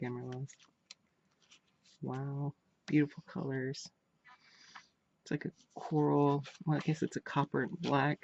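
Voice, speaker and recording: A woman's voice: very deep voice, little pitch movement, measured pace, creaky, long pauses, a little mellow, slight background noise. A woman vlogger chatting casually while unboxing crafts, gushing and repeating her praise. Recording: dull lo-fi home recording.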